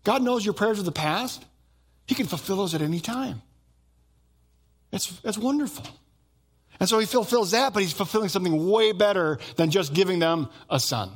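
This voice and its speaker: A middle-aged male pastor preaching a sermon with animated storytelling, acting out the voices of people in his stories. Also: sits high, moderate pace, pauses often, husky.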